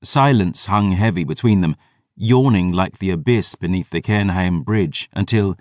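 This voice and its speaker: Deep-voiced male audiobook narrator. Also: no room sound, clean studio sound. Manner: measured, dramatic. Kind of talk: scripted fantasy narration.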